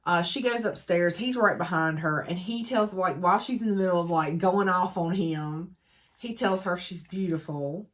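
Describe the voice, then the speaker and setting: A woman's voice: lowish voice, moderate pace. A woman gives a casual, chatty book recap full of dramatic asides. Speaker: book reviewer.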